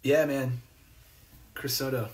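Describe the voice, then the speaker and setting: A man hosts a live stream and reads out comments as he goes, in an easygoing, meandering way full of "um" and false starts. His voice sits at an ordinary middle pitch. He is a little way off from the mic, so the sound sits back in the room. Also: level tone, takes it slowly, distant mic. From New Jersey. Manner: rambling, laid-back, many fillers and restarts. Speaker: host. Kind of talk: casual livestream chat reading comments. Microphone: phone or webcam on a live stream.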